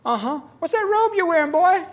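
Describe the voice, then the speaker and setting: Man doing God's voice, fatherly, raised high and louder, firing rhetorical questions. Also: animated, brisk. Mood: pressing. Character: God as a fatherly male voice, questioning.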